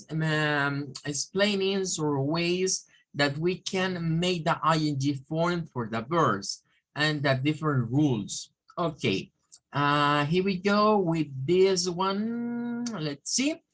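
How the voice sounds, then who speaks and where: Slow, deliberate male teacher. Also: on the high side, fairly bright tone, poor audio. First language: Spanish. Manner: slow, repeats words and sounds for drilling. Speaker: English teacher. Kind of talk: online English lesson.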